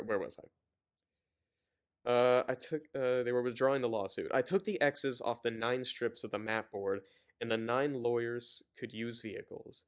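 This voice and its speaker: A man reads a novel aloud in a casual, unpolished way, often stopping to vent sarcastic commentary. He stumbles over words and rambles, sounding thoroughly exasperated. His voice sits at an ordinary middle pitch. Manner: exasperated, sarcastic asides between read passages. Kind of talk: casual book reading with commentary.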